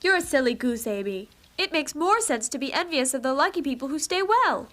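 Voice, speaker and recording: A woman voicing a spirited teenage girl in an animated series, stuffy and sneezing with a cold, lively and frank. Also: high-pitched, a little fast. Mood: chatty.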